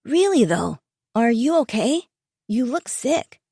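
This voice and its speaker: A woman's voice: fairly high pitch, very animated, slow, mellow, breathy edge, dry recording, studio quality, pitched above the performer's own voice, heavily acted. A woman voicing a cheeky, blunt teenage boy in an audiobook, teasing his mother and talking with his mouth full.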